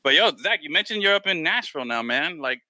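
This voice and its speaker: A man hosting a casual chat, telling stories in an animated way, acting out the voices of others and swearing freely. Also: a little high, fast, no room sound. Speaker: podcast host.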